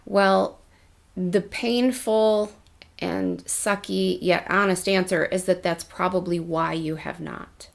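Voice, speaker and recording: A woman's voice: lowish voice, steady tone, slow pace, gravelly. A woman coach telling personal stories in a casual vlog, candid and chatty with casual slang. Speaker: life coach.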